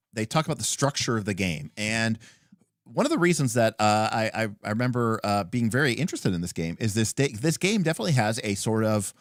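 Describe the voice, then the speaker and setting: A man's voice: lowish voice, no room sound, clean studio sound. A man hosting a casual livestream, thinking aloud about a tabletop rulebook in a rambling way full of fillers. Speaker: stream host.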